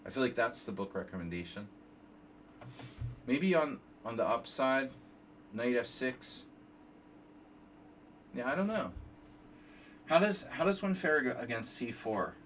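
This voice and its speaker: With a fairly bright, medium-pitched voice, a man in his fifties analyzes chess casually on a live stream, reading moves and rambling off track. He's expressive yet unhurried, leaving long pauses, and faint noise comes through a mic set slightly away.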